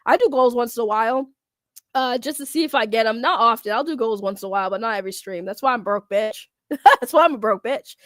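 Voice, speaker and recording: A woman's voice: on the high side, fast, no room sound, clean studio sound. A woman streamer reading her chat aloud in casual, blunt, profane talk, congested from a cold and laughing often.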